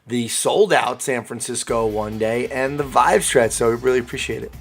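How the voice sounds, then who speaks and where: Slow, halting man hosting a podcast. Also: mid-range voice, soft background music. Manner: slow, halting, friendly, with fillers. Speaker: podcast host. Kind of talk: casual interview wrap-up.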